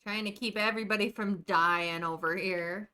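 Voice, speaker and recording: A woman's voice: medium pitch, steady tone, normal speed, bright, forceful tone, clear, resonant tone. A woman streaming a life-simulation game live, chatting casually and talking to the characters on screen. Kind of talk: casual live-stream chat while playing.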